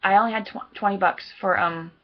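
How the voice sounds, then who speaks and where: Gushing young woman with gravelly voice, lo-fi. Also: medium pitch, fairly quick. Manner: excited, rambling, gushing. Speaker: fan vlogger. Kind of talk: casual chat recounting a concert meet-up.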